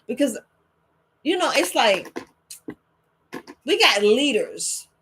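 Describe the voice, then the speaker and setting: Lively woman herbalist talking freely. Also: high voice, slow, a little hiss or hum. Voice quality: animated, talks back and forth with imagined listeners. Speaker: herbalist host. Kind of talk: casual monologue.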